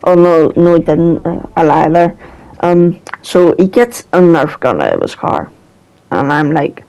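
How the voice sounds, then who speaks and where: Slow, rambling young-sounding man. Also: a little high, sing-song, vocal fry, a little mellow, poor audio. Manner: rambling, hesitant, swears casually. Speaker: storyteller. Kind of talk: casual storytelling.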